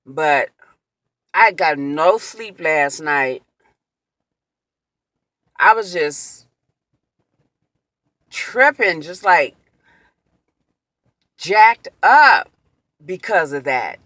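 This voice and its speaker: Woman vlogger retelling a bad experience, bright tense tone, dry close sound. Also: sits low, drawn-out words, long pauses, no echo. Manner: emotional, animated retelling with quoted exclamations. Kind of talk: personal storytime vlog.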